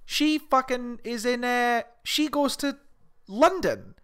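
A man's voice: extremely high pitch, slow pace, a bit bright, clear, resonant tone. Rambling, laughing male film podcaster. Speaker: podcast co-host. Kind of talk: casual film discussion.

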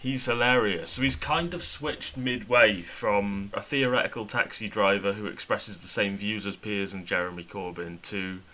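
A man co-hosting a chatty podcast, low-pitched but with a bright, forceful tone. He talks in a sardonic way and laughs as he goes. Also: normal speed, few pauses. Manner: sardonic, laughs while talking. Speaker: podcast co-host. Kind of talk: casual chat.

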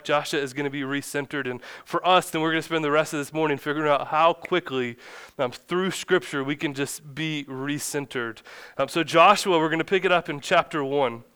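A man's voice: on the high side, a bit bright, smooth. A man in his thirties, a pastor giving a conversational sermon in a church, chatty and self-deprecating, acting out a funny story. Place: church sanctuary.

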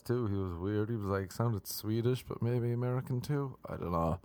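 A man's voice: lowish voice, normal speed, few pauses, a little mellow, no room sound. A man hosting a solo podcast, rambling off the cuff in a crude, jokey way with playful put-on voices. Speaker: podcast host. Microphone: microphone into laptop.

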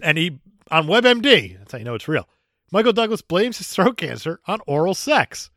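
A man's voice: high-pitched, very animated, moderate pace, fairly bright tone, dry recording, clean studio sound. A man co-hosting a casual podcast, joking with crude banter and laughing a lot. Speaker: podcast co-host.

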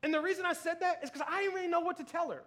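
This pastor, a man in his thirties, preaches fast with a very high and somewhat bright voice. The delivery is conversational and self-deprecating, punctuated by laughter and "you know what I mean."

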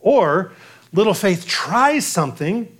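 A man's voice: high-pitched, takes it slowly. A man preaching a sermon, acting out the quotes as he goes. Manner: animated preaching, acts out biblical quotes. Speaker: pastor.

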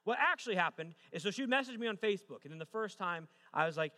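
A young man preaching to a congregation with a bright, forceful, fairly high voice. He tells a joking story and then drives his points home emphatically. His voice rings with a long reverb through a large church hall. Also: lively intonation, fast talker. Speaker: pastor. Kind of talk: sermon.

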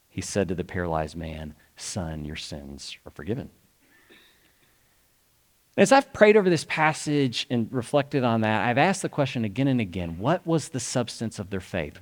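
A man, a pastor preaching a sermon in an earnest, conversational way and asking his listeners questions. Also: mid-range voice.

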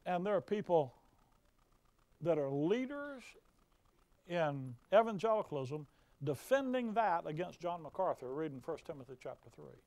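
A man's voice: fairly high pitch, very animated, moderate pace, a little mellow, dry recording. A man preaching a fiery sermon, folksy and emphatic, with mocking asides.

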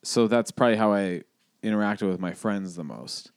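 A man's voice: on the low side, normal speed, smooth, no room sound, clean studio sound. A man in his thirties co-hosting a podcast, talking casually and reflectively with many restarts. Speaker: podcast co-host.

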